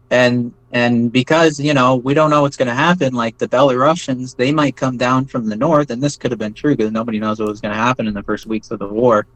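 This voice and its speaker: A man telling his story as an interview guest in a loose, rambling way, full of fillers and quick "right?" checks. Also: mid-range voice, dry recording, poor audio. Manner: rambling, many fillers and tag questions like "right?". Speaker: interview guest, former foreign volunteer fighter. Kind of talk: casual spoken storytelling.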